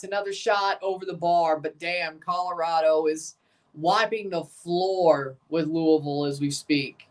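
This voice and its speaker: A man hosting a livestream watchalong, giving excitable play-by-play of a soccer match between chatty replies to his viewers. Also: fairly high pitch, a little slow, distant mic. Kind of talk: casual watchalong commentary.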